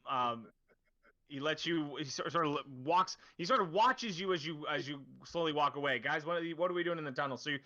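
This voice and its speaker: A man's voice: a little high, brisk, pushed and bright, lo-fi sound. A man narrating as dungeon master of a tabletop game, rambling and correcting himself as he explains the rules. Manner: rambling, self-correcting, laughs often.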